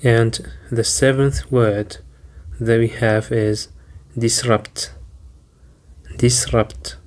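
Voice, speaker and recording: A man teaching vocabulary, deliberately repeating each word and spelling out its syllables and stress. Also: mid-range voice, steady tone, darkish tone. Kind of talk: slow, careful vocabulary lesson.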